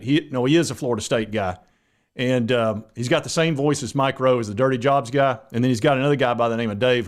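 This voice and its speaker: A man hosting a sports talk channel, chatting casually and rambling with plenty of fillers. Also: mid-range voice. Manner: rambling, conversational, many fillers.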